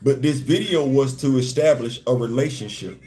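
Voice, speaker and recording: A man's voice: mid-range voice, normal speed, warm tone, faint music behind. A man in his fifties hosting a casual live stream, laughing often, restarting sentences and turning heartfelt. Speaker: livestream host.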